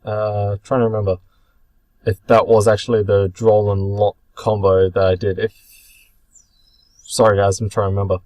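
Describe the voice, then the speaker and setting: A young man casually narrating his own card game match, chatty and rambling, often pausing to correct himself. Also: lowish voice, little pitch movement, mellow, no room sound, poor audio. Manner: chatty, rambling, self-correcting with many ums. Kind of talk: casual commentary over match footage.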